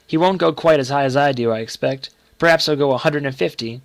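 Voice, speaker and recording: A man voicing an earnest, secretive young boy who speaks gravely and pleads with his uncle. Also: fairly high pitch, brisk, dry recording, lightly acted.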